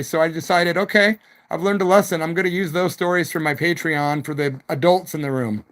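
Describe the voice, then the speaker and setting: A middle-aged man who plays in a rock band spins loose, rambling stories for his live-stream viewers. His voice sits a little high for a man, and he drops slang and the occasional whooping hoot as he talks. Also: fairly quick, fairly bright tone. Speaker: rock musician hosting a live chat. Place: at home, evening live stream.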